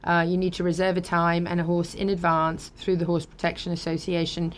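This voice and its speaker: A woman's voice: lowish voice, monotone, brisk, slight background noise. A woman with a British accent hosting a talk show, chatty and laughing easily between sponsor reads. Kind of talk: casual chat.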